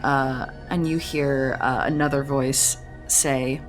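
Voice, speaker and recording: A woman's voice: extremely low pitch, fairly even intonation, slow pace, soft background music. A woman narrating a tabletop game as game master in a hesitant way, full of fillers.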